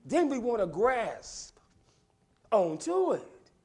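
High, animated male preacher. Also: takes it slowly, slightly rough. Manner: dramatic swings from hushed whispers to shouted lines, call-and-response. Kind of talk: sermon. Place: church sanctuary.

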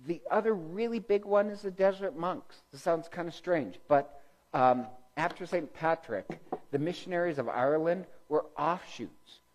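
A man's voice: fairly high pitch, normal speed, rough recording. Male lecturer, casual and rambling, frequent fillers and self-corrections. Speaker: speaker teaching church history.

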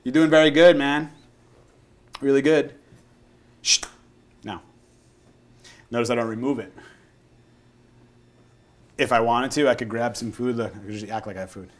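A man's voice: mid-range voice, moderate pace, long pauses. Laid-back, cursing male dog trainer. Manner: laid-back, swears casually, drops to soft murmurs with the dog. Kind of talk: casual demonstration talk.

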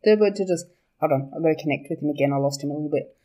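A woman's voice: deep voice, racing, dark tone. A young woman, chatting casually about her book's characters, laughing often, swearing and correcting herself as she goes. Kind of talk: casual chat.

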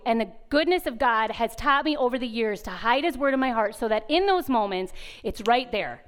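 A high-pitched woman gives a storytelling sermon at a women's retreat. She talks to the room with lively animation, acting out sounds and voices along the way. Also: fairly quick, smooth. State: pregnant at the time, not now. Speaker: retreat speaker.

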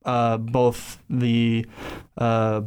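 A man's voice: medium pitch, completely flat delivery, drawn-out words, a little mellow, clean tone. A man co-hosting a comedy podcast, chatting playfully through a party game. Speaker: podcast co-host, game player. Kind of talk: casual comedy chat.

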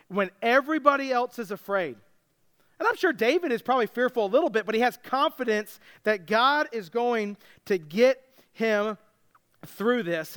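A man preaching a sermon, retelling a story with lively, casual character voices. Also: sits high, smooth. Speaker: pastor.

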